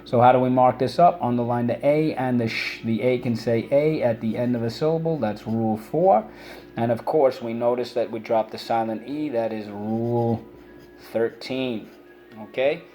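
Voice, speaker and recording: A man's voice: medium pitch, normal speed, faint music behind. A man teaching a phonics and vocabulary lesson to children, calling out words for them to repeat and explaining how to mark them up. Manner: energetic, calls out words for students to repeat.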